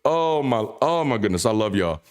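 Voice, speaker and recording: A man, a baritone voice and a preacher's cadence, delivering an emphatic, profane, repetitive monologue as the show's host. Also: very animated, moderate pace, clear, resonant tone.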